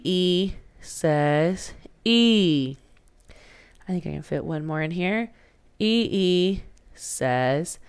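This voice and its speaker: A woman's voice: lowish voice, pushed and bright, smooth. A woman teaching a phonics lesson to young children, patiently sounding out letters and words.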